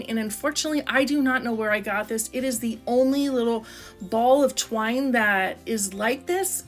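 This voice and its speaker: Upbeat woman chatting thru her craft pages, kinda high voice, faint music underneath. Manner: chatty and enthusiastic, lots of "I love" and "like". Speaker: crafting vlogger. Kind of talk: casual craft flip-through chat.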